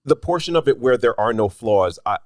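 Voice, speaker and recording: A man's voice: medium pitch, animated, fairly quick, no echo. A man as a podcast guest in casual chat, rambling and restarting his thoughts while talking about a film. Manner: rambling, restarts thoughts, swings up when amused.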